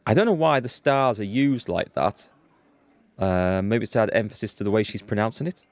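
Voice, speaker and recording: A man's voice: on the low side, normal speed, dry recording. A man hosting a let's play, chatting casually as he thinks aloud and reads game dialogue, chuckling at the text.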